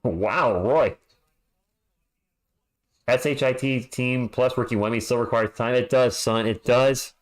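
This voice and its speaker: Alone at home, a man streams fan play-by-play of a live game, talking to his chat and yelling at the team with excitable energy. His voice sits at medium pitch, and he speaks slowly with long pauses.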